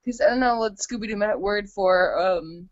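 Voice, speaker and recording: A woman's voice: medium pitch, moderate pace, dry recording. A woman co-hosting a casual gaming podcast, giggling often, swearing freely and trailing off into restarts. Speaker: podcast co-host. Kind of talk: casual chat. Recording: dull lo-fi home recording.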